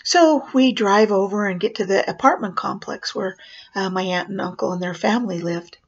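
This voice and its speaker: A woman's voice: medium pitch, moderate pace, husky, lo-fi sound. A woman who works as a professional clown tells a personal story, acting out the voices and dropping to whispers. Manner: animated, acts out voices and drops to whispers.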